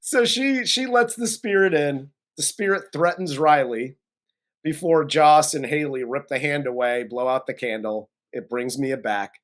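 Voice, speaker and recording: A man co-hosting a casual movie review, recapping the story bluntly and laughing often. He has a somewhat high voice and swears freely as he goes. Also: a little slow, faint music behind. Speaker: co-host of a movie review show. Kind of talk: casual chat, recapping a film plot.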